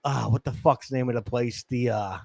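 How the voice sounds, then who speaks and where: This host's voice is mid-range, gravelly and steady, moving briskly through a profane, rambling yarn about hustling on the streets. It's casual podcast storytelling on a dry studio recording.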